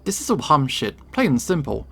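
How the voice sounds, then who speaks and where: A man's voice: mid-range voice, sing-song, brisk, creaky, pushed and bright, husky, full character voice. A man voicing a wounded young male bat in a visual novel, hissing and swearing. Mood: hissing angry. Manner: hissing, profane.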